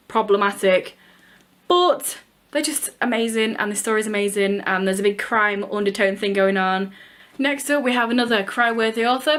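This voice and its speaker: A woman's voice: medium pitch, a bit bright. A young woman vlogging casually about books, chatty and emphatic, with the odd swear word. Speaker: book vlogger. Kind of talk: casual book review chat.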